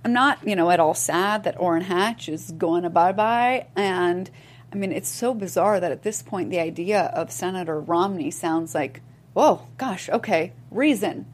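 A woman co-hosting a podcast, chatting about politics in an animated, exclamatory way with stammering starts. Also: on the low side, normal speed. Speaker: podcast co-host. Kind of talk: casual political chat.

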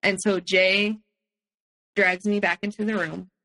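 A woman speaks as a podcast guest with a bright, forward tone. She recounts events from her own life candidly and steadily, often pausing on "um" before pressing on. Her pitch sits at an ordinary middle height for a woman. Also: rough recording. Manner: candid, steady retelling with frequent um fillers. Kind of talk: personal testimony in conversation.

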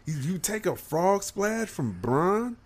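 A man's voice: high voice, lively intonation, slow. A young man co-hosting a casual podcast, laid-back and slangy, often exasperated. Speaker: podcast co-host. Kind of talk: casual wrestling podcast chat.

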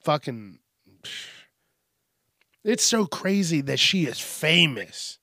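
A man's voice: on the high side, sing-song, slow, pauses often, bright, forceful tone, no room sound, studio quality. A man hosting a news commentary show, ranting in a profane, sarcastic, exasperated way while drinking beer. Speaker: host.

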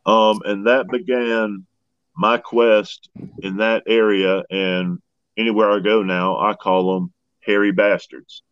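A man's voice: fairly low pitch, flat delivery, takes it slowly, fairly bright tone, clean tone, no echo, highs cut off. A plain-spoken man, telling his story as a guest. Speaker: guest researcher. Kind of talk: casual storytelling.

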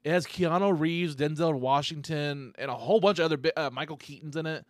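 A man hosting a casual comedy podcast, rambling loosely and swearing freely. His voice sits a bit higher than most men's. It is recorded close and dry. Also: fairly quick, no room sound. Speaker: podcast host.

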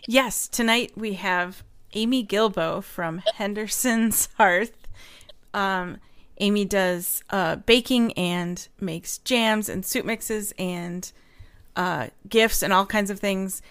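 A woman co-hosts a casual podcast with a gravelly, creaky voice. She talks slowly and teases dryly. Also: mid-range voice, fairly bright tone. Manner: dry teasing, slow delivery. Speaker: podcast co-host. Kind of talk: casual online show chat.

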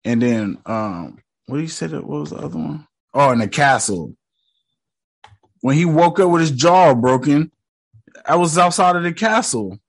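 A man's voice: a little high, lively intonation, measured pace, vocal fry. A man casually recapping a TV episode in slangy, joking talk, mockingly quoting the characters. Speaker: show recap host.

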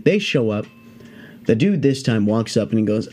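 A man's voice: mid-range voice, lively intonation, fairly quick, mellow. A man telling a story to his listeners in loose, casual speech. He swears freely and leans on fillers as he rambles along, in an ordinary mid-range voice. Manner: profane, rambling, filler-heavy. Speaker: podcast host.

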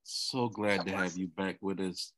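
A man hosting a podcast in casual chat, lively and teasing, laughing often. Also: low voice, measured pace. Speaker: podcast host.

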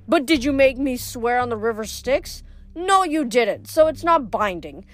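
A woman's voice: on the high side, expressive, a little slow. A woman voicing a boastful, smug three-bodied male rancher villain in a storybook reading. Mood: taunting. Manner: smug, taunting.

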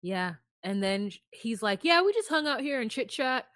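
A woman's voice: fairly high pitch, sing-song, moderate pace, fairly bright tone, dry recording, studio quality. Woman podcaster retelling scenes. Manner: retells scenes, quoting people. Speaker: podcast co-host. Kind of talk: casual recap chat.

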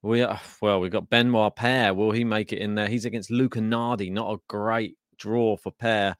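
A man's voice: lowish voice, clean tone, no room sound, clean studio sound. A man hosting a tennis podcast, chatting casually and thinking aloud with plenty of fillers. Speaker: podcast host. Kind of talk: casual tennis preview chat.

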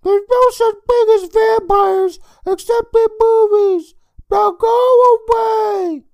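A man voicing a grumpy, sleepy young boy who whines and snaps at his sister in a squeaky, high voice. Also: sing-song, slow pace, vocal fry, dark tone, no echo, exaggerated voice. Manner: squeaky, whiny and annoyed.

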